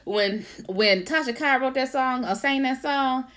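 A woman hosting a casual faith-based livestream, lively, laughing often and greeting viewers by name. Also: sits high, measured pace. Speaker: author and livestream host.

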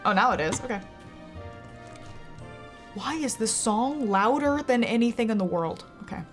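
High, lively giggly streamer woman. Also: moderate pace. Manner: chatty, giggly, talks to chat while playing. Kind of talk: casual live-stream gameplay chat. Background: game music.

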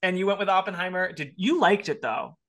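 Chatty, bright-voiced man podcaster. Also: high voice, brisk. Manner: chatty, rambling with fillers, exclamatory. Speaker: podcast host. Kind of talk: casual chat.

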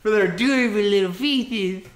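A man's voice: high-pitched, moderate pace, slight background noise. A man co-hosting a casual book-club podcast, tipsy and goofy, slipping into silly accents. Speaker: podcast co-host. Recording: echoey room.

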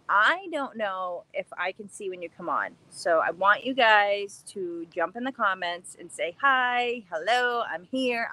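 A young woman hosting a casual craft-channel livestream from her backyard, bubbly and excited, chatting in a scattered, rambling way. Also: fairly high pitch. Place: backyard, outdoors.

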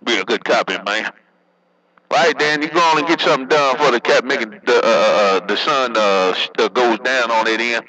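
Bright-voiced man chatting on CB. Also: mid-range voice, fairly quick, poor audio. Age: adult, working. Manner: loose joking slang, laughs often. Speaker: CB radio operator. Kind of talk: casual CB radio chat.

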